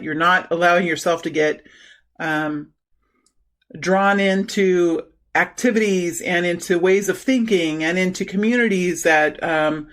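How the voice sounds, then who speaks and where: A middle-aged woman giving an intuitive tarot reading, talking slowly and haltingly with many fillers and restarts. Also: on the low side, a bit bright. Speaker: tarot reader.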